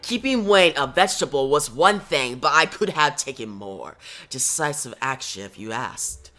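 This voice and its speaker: A man's voice: mid-range voice, lively intonation, normal speed, bright, forceful tone. A man doing a smug callous doctor villain. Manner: polite, sly, callous. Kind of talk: comic story retelling.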